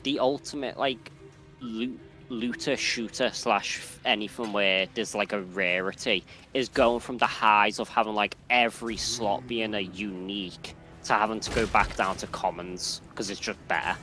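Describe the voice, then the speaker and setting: A man's voice: fairly low pitch, steady tone, moderate pace, pushed and bright, faint music behind. A man chatting while streaming a game with friends, making dry, teasing remarks. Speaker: gamer on a stream. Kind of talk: casual chat while gaming.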